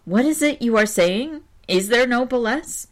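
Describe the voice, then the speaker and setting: A woman's voice: on the high side, animated, unhurried, pitched above the performer's own voice. A woman reading the part of a puzzled young male student who keeps asking questions. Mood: bewildered. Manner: bewildered, questioning. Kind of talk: audiobook reading.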